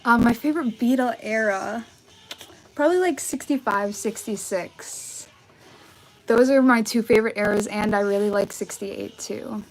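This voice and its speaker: A woman's voice: on the high side, moderate pace, rough recording. A young woman chatting casually through a live-stream Q&A, upbeat, with many likes and ums, on a phone held at arm's length in her bedroom. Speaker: vintage fashion YouTuber. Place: bedroom with vanity. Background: faint music.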